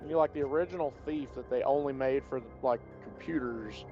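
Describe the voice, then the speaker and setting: A man's voice: medium pitch, a little fast, dull audio, music in the background. A man player chatting casually about video games at a tabletop session, with wry, opinionated banter.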